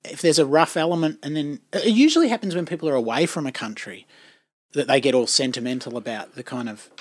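A man's voice: a little high, lively intonation, quick pace, no echo, clean studio sound. A man, co-hosting a casual chat and reflecting thoughtfully, often repeating words as he searches for them. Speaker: podcast co-host.

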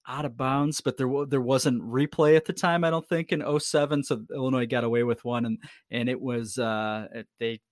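A man's voice: medium pitch, steady tone, moderate pace, no room sound, clean studio sound. A man in his thirties, a podcast co-host in casual sports chat, rambling and profane with self-deprecating jokes.

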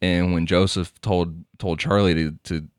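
A man's voice: deep voice, steady tone, a little slow, no echo, studio quality. A man hosting a podcast, telling a crime story in a casual, crude, laughing way. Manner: laughing, crude, conversational narration. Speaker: podcast host.

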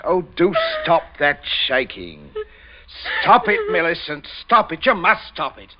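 A man's voice: medium pitch, expressive, moderate pace, muffled recording, natural voice. An actor playing a stern, domineering father and village magistrate who interrogates his daughter in a commanding, cold manner, in an old radio drama.

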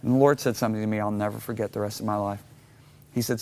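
A middle-aged man from Michigan, telling a personal story as a guest on an interview show, animated and acting out his own reactions. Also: lowish voice, fast, creaky. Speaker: guest author.

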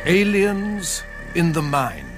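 A male announcer reads the scripted narration for a radio drama in a measured, formal way. His voice moves expressively, with clear music underneath. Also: sits high, very animated.

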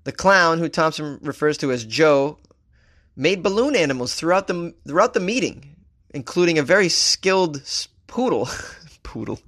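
A man hosting a comedy talk show, telling a story casually, cracking jokes and laughing at his own lines. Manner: wisecracking, laughs at his own jokes, animated shifts in pitch. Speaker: comedian podcast host.

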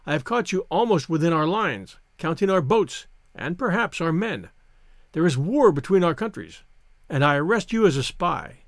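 A gallant young naval officer, as a male narrator reads him, playful and courtly in his teasing. The voice is high and lively, recorded dry and close. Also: normal speed, no room sound.

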